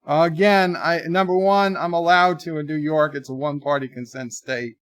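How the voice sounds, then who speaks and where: This livestream host, a man in his forties, has a fairly high, bright voice and keeps a steady tone at a moderate pace. He chats casually and reads viewers' chat messages aloud in a raised voice, recorded at studio quality with no echo.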